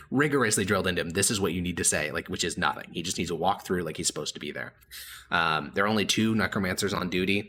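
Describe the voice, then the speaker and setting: A man's voice: sits low, bright, forceful tone, a little hiss or hum. A young man narrating as game master in a casual, hesitant way with many fillers.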